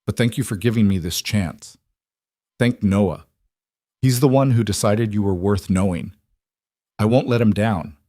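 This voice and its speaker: A man voicing a powerful man who is a gentle, earnest father in a narrated story, speaking calmly and reassuringly. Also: fairly low pitch, unhurried, pauses often, no room sound, clean studio sound. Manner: calm, reassuring.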